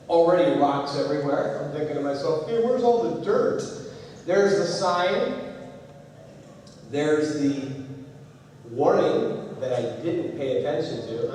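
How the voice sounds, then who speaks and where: Animated man in an echoing hall. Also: a little high, a little hiss or hum. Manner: animated storyteller acting out voices. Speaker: school assembly speaker. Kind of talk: motivational talk to students. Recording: echoey hall, far from the mic.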